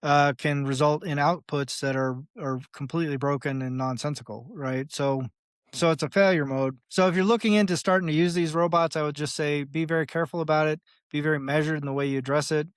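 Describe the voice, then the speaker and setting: On the high side and a little fast, this man's clean-toned voice is recorded in a clean studio with no echo. He rambles casually as a podcast interview guest, using "like" and "right?" often, and brings quoted dialogue to life by animatedly voicing other people.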